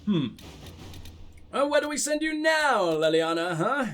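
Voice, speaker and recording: A man's voice: very high voice, very animated, a little slow, a bit bright, faint music behind. A man casually commentating a game he is playing, with crude, sarcastic, profanity-laced banter. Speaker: gaming video host. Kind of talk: casual let's play commentary.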